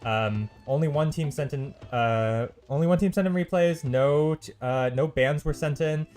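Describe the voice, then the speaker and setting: A solo esports caster and stream host commentates live on a strategy game tournament in a loose, chatty way, dropping plenty of ums and uhs and the odd dry, sarcastic aside. He has a fairly high pitch with a darkish tone at normal speed, and faint music plays behind him.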